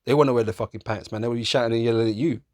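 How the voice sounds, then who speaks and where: A man preaching in a casual, profane way, often laughing, calling listeners man and bro, and reading scripture slowly in old-fashioned wording. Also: medium pitch, fairly even intonation, a little mellow, no room sound, studio quality. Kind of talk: street-style sermon, reading scripture.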